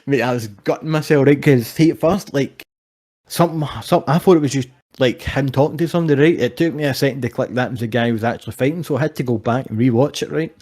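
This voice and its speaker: A man's voice: medium pitch, fast, darkish tone. A man, co-hosting a casual chat and telling stories with a lot of swearing and laughter. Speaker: podcast co-host.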